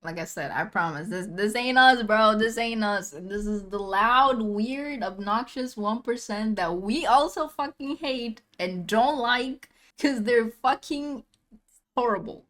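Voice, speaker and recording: A woman's voice: fairly high pitch, measured pace, a bit bright. A woman streamer reacting to a video in casual commentary, outraged, swearing often and repeating herself.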